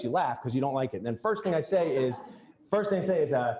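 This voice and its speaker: Here a fast-talking man with a slightly high, expressive, darkish voice coaches a group on dental practice. He jokes and speaks right at the attendees in an event room during a live seminar. Roomy echo colors the audio.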